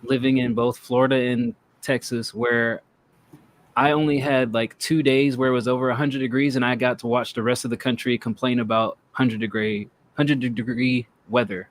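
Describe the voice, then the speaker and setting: A man's voice: medium pitch, little pitch movement, normal speed. A man hosting a casual chat show, rambling and joking as he talks. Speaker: podcast host. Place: North Texas.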